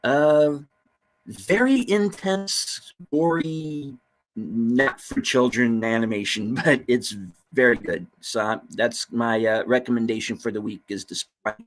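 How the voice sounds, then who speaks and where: A man co-hosting a casual live-stream chat, talking in a relaxed, easygoing way. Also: mid-range voice, slow pace, poor audio. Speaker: co-host.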